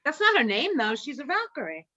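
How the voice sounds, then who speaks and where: Lively high-voiced woman, lo-fi sound. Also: a crowd in the background. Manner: teasing, quick to laugh. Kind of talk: casual movie chat. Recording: dull lo-fi recording.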